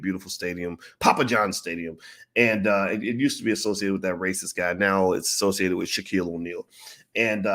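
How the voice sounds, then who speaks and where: Guy rattling off a story real quick, swears a lot, acts out the quotes. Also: sits low. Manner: profane, animated, acts out quotes. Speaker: channel host. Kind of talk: casual storytelling to camera.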